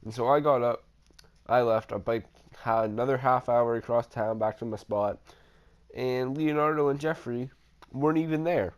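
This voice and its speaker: A man talks into a home computer mic while gameplay runs, telling a story from his own life. He rambles, swears freely, and often restarts his sentences. His pitch is in the middle of the usual range for a man. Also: moderate pace, clean tone, highs cut off. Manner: rambling, profane, with many restarts and fillers. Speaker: storytime vlogger. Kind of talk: casual storytelling over gameplay.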